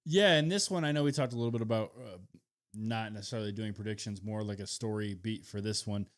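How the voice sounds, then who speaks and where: A man co-hosting a wrestling podcast, talking through picks in a relaxed, matter-of-fact way. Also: on the low side, fast talker. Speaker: podcast co-host. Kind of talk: casual wrestling chat.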